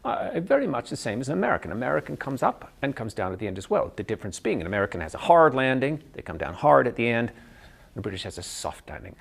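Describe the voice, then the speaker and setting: A man with a Canadian accent, a drama professor explaining speech technique in a clear, patient teaching manner. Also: medium pitch, sing-song, fast talker. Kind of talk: instructional video lesson.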